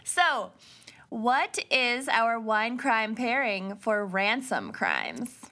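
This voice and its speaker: A woman's voice: on the high side, very animated, very slow, sharp tone. A woman co-hosting a podcast in casual chat, laughing often between lines. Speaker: podcast co-host.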